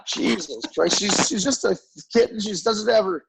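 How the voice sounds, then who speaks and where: A man with a high voice and a heavy gravelly rasp, rambling and swearing in a flustered way. He speaks through a noisy home mic on a video call. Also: moderate pace. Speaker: comedian. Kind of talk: casual profane chat on a video call.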